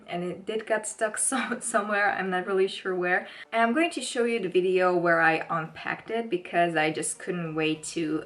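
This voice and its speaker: A woman makeup vlogger chats casually to the camera in a fairly low, fairly bright voice, giggling often between words and gushing with gratitude. The room has a roomy echo with faint background music.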